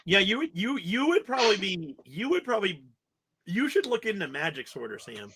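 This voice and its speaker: Bright, high-voiced man co-hosting casually. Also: big pitch swings, a little fast, husky. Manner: hesitant, restarts phrases. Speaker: podcast co-host. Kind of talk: casual livestream chat.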